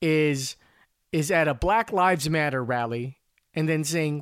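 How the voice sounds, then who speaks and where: A man's voice: fairly high pitch, measured pace, no echo, studio quality. A man hosting a podcast, talking through commentary in a casual, rambling way, often repeating words as he starts. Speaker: podcast host.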